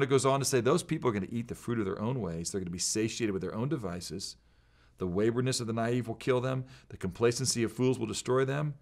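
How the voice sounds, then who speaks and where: A man teaching from scripture in an earnest, emphatic way, quoting verses. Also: mid-range voice. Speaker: pastor. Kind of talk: preaching bible teaching.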